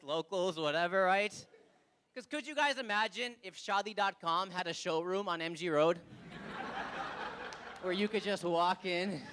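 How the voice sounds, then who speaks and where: A man with an Indian accent performing a stand-up comedy set on stage, animated and quick to act out characters. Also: sits high, clear, resonant tone. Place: comedy stage before a live audience.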